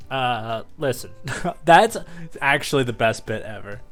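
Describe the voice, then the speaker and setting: A man's voice: fairly low pitch, normal speed, creaky, fairly bright tone, soft background music. A man streaming a video game, joking around and swearing freely in casual commentary.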